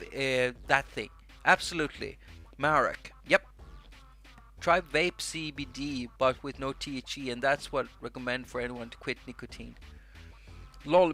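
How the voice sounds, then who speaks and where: A man's voice: fairly high pitch, bright, forceful tone. A man from Sweden with a Swedish accent, hosting a casual livestream chat, rambling and jumping from thought to thought, with faint music behind him. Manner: rambling, rapid-fire, jumps between thoughts. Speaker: livestream host. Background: faint music track.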